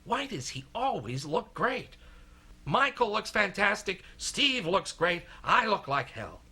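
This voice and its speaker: An actor playing a self-mocking, out-of-shape husband, telling a story in a wry, self-deprecating comic monologue, with music behind. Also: male voice, high voice, big pitch swings, slow pace, sharp tone, breathy edge, exaggerated voice. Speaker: film character narrating a monologue.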